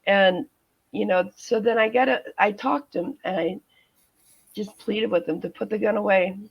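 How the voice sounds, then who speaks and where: Woman, 50s, guest telling her own story; gravelly, halting delivery, dull lo-fi recording. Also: mid-range voice. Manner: halting, many restarts and fillers. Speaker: guest, nurse. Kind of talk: personal storytelling in interview. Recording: dull lo-fi audio.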